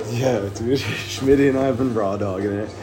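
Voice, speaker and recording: Giggly stoned young man rambling. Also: medium pitch. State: high. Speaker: podcast host. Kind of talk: casual podcast chat. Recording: noisy amateur room recording.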